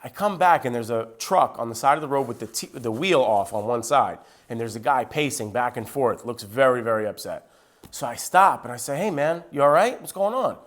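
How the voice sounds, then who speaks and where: A man telling a personal faith story in a lively, conversational way, acting out the dialogue as he goes. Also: mid-range voice, a little fast. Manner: acts out quoted dialogue with lively shifts; conversational, with "like" and "right?" asides. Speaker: Christian speaker sharing his testimony.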